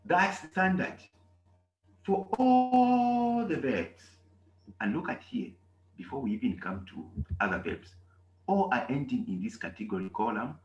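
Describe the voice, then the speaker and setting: A man's voice: fairly low pitch, big pitch swings, normal speed, a bit bright, reverberant, dull audio. A man teaching German verbs in a classroom lesson, repeating himself often and checking with "okay?". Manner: repetitive, emphatic, asks "okay?" often.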